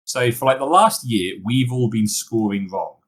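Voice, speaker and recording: A man's voice: medium pitch, measured pace, fairly bright tone. Chatty man co-hosting a podcast. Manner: chatty, jokey, puts on mock voices. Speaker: podcast co-host. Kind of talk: casual chat.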